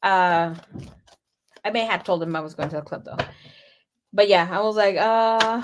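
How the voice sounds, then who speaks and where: A woman's voice: mid-range voice, moderate pace, a little hiss or hum. Candid, profane young woman storyteller. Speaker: tarot reader. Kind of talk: casual personal storytelling.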